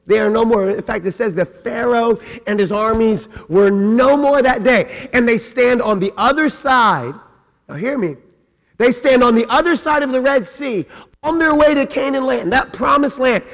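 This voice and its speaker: A male pastor preaching a lively sermon, retelling the story with acted-out voices and a habit of saying "man". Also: very high-pitched, moderate pace, long reverb tail. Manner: storytelling, acting out voices, says "man" often. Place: church sanctuary.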